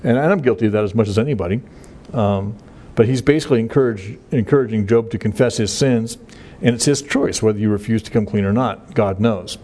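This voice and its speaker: A man's voice: fairly low pitch, brisk, dark tone. A man teaching through a Bible passage verse by verse in a plain conversational way, with frequent fillers and restarts.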